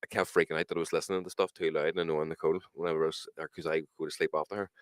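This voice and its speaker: A man's voice: a bass voice, little pitch movement, very fast, clean tone, no echo, clean studio sound. A man, co-hosting a podcast in casual, sweary banter and acting out quotes. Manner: swears a lot, acts out quotes with mock voices. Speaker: podcast co-host.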